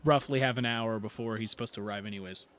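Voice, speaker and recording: A man narrating as game master of a tabletop game, relaxed and full of fillers. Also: on the low side, fast talker.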